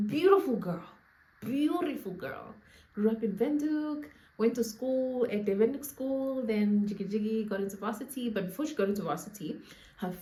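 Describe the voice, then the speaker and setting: A young woman with a Namibian accent tells a storytime to her viewers, playful and laughing, with asides to the audience. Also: medium pitch. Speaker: storyteller vlogger. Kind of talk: casual storytime chat. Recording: echoey room.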